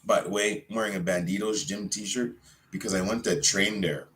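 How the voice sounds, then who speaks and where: A man's voice: on the low side, fairly even intonation, normal speed, a little hiss or hum. Man ranting and cursing on his show. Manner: heated, swearing, loud outbursts then muttering. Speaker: wrestler hosting his own show. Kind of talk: unscripted profane rant.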